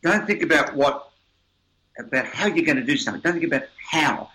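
A man's voice: a little high, lively intonation, brisk, bright, forceful tone, rough recording. Older man telling emphatic stories. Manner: emphatic, repeats words while building a point. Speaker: interview guest, seminar presenter. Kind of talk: storytelling conversation.

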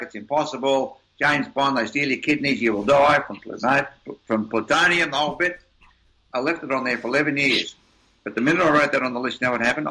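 A man's voice: mid-range voice, bright, forceful tone, low-quality recording. An older man, a seminar presenter, talking as an interview guest and telling stories with emphatic, repeated points. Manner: emphatic, repeats words while building a point. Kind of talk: storytelling conversation.

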